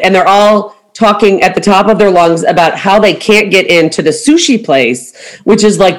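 A middle-aged woman, a travel agent and podcast host, chatting casually and acting out the quotes in her travel stories. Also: lowish voice. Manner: chatty storyteller, acts out quotes. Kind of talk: casual chat.

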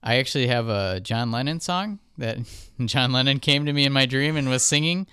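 A man's voice: medium pitch, moderate pace, sharp tone, clear, resonant tone, no echo, clean studio sound. A man who composes film music, talking casually and thinking aloud with fillers. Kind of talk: casual podcast chat.

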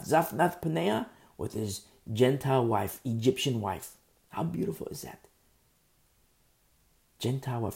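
A man preaching verse by verse, earnest and rambling, stumbling over hard names and pausing often because his throat is sore. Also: mid-range voice, creaky, a little mellow. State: sore throat, pauses to drink tea. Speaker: pastor. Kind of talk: verse-by-verse Bible teaching.

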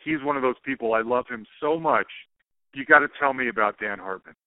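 A man's voice: medium pitch, a little fast, no room sound. A man hosting a casual interview who speaks with gushing enthusiasm. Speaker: podcast host. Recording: dry, tinny phone-like audio.

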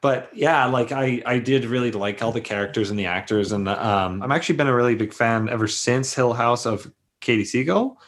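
A man co-hosting a podcast in casual chat, relaxed and full of "like" fillers. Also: mid-range voice, brisk. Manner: relaxed, filler-heavy with lots of "like". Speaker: podcast co-host.

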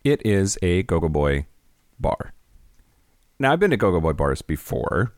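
A man co-hosting a casual podcast, an animated storyteller who keeps asking "right?". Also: low voice, a little slow, dry recording, studio quality. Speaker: podcast co-host. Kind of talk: casual chat.

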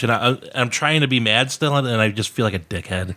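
A man's voice: lowish voice, quick pace, sharp tone. A man on a podcast mic telling a casual, candid story about himself, often laughing at his own expense. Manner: candid, self-mocking, laughs while telling. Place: room in a house. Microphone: podcast microphone.

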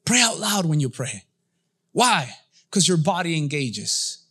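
High, bright-voiced pastor preaching energetically. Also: male voice, a little slow, husky. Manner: animated, acts out voices and dialogue. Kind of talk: energetic sermon.

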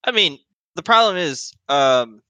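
A man narrating a tabletop horror game as game master, halting often with fillers as he describes scenes. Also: on the high side, expressive, sharp tone, dry recording, dull audio. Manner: hesitant, halting with many fillers.

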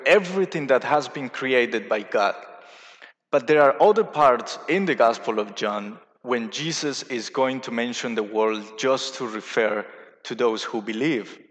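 A man, a Catholic priest, giving a sermon with slow, careful explanations, pausing and restarting as he goes. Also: mid-range voice, a bit bright, long reverb tail.

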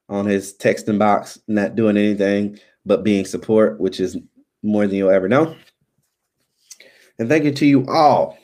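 A man's voice: on the low side, a little mellow. A man hosting a live stream, chatting loosely as he signs off, with many ums and restarts. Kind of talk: casual live stream sign-off chat.

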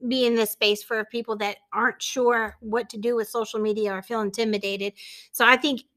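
A soft-spoken woman, a marketing business owner, chatting as a podcast guest. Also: on the high side, flat delivery, fairly quick. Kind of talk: casual podcast chat.

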